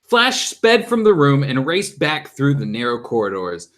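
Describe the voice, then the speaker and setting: A man's voice: mid-range voice, measured pace. A young adult man casually reading a chapter book aloud, stumbling now and then over the words. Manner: lively, stumbles and laughs at own slips. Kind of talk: casual read-aloud narration.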